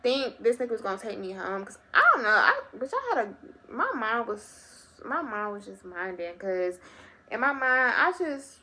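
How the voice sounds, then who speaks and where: A young adult woman telling a personal story to her viewers in a casual, animated and very profane way. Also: a little high, normal speed. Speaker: vlogger.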